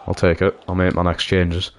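Brief: deep-voiced man, excitable gameplay commentary. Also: normal speed, slight background noise. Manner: excitable, swings from cheering to groaning. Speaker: gaming YouTuber.

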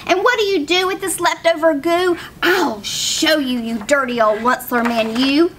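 A woman voicing a small grumpy male forest creature who scolds in a high, snappish voice for a storybook read-aloud. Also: normal speed, background noise, close to an everyday voice. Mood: scolding.

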